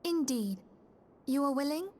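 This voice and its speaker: A woman voicing a game character in a cutscene, speaking in a calm, earnest and formal way. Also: sits high, unhurried.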